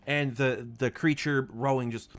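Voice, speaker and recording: A man narrating as game master, hesitant and full of fillers. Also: a little slow. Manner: hesitant, filler-heavy, lively pitch.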